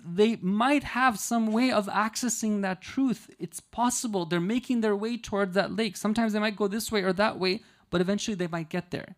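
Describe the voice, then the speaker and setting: A man's voice: high-pitched, moderate pace, few pauses. A man giving a conversational sermon at a community religious centre. He explains through analogies and stories and keeps checking in with the audience with "right?". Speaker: Muharram night speaker.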